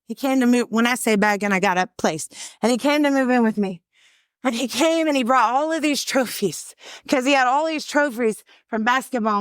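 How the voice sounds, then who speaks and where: A middle-aged woman with a high voice tells her recovery story as personal testimony. She talks loud and emphatic and acts out the quotes. The sound is dry and close. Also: dry recording.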